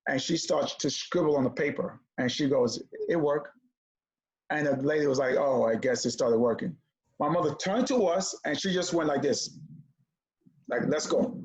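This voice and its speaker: Animated storytelling man, slightly high voice. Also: normal speed. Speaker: comedian guest. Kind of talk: storytelling conversation. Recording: dull lo-fi audio.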